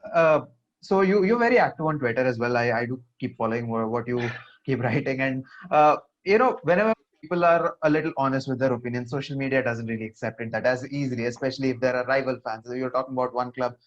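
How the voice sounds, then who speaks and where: A man's voice: mid-range voice, fast. Man, interview host, eager questioning, dull lo-fi audio. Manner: eager, uses many fillers like "you know". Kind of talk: interview conversation. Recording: dull lo-fi sound.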